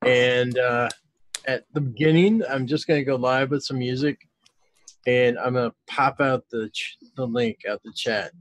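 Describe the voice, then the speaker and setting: A man's voice: mid-range voice, steady tone, moderate pace, no echo, rough recording. Blunt, swearing man hosting a panel. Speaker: panel host and live streamer. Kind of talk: casual panel chat.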